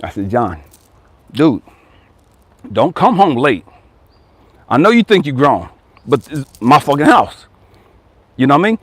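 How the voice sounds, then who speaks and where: A man's voice: mid-range voice, very animated, a little slow, long pauses, a bit bright, slightly rough, no room sound. A man in his forties giving a blunt, profane motivational talk as a life coach and channel host. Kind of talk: casual motivational monologue.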